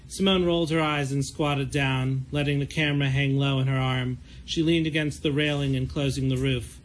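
A man, an author, giving a steady, measured reading of his own fiction. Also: mid-range voice, a little hiss or hum.

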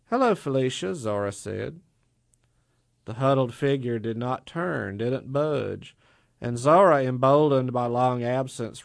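A man narrates an audiobook story at an unhurried pace, his voice carrying a gravelly fry. The sound is dry and close, and he reads with measured deliberation. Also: medium pitch, no echo.

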